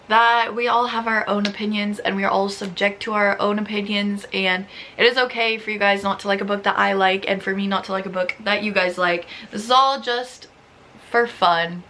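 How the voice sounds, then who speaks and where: Bright-voiced young woman book vlogger. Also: medium pitch, slight background noise. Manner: animated, exasperated, giggly, lots of "like". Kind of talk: casual chat reading reviews aloud.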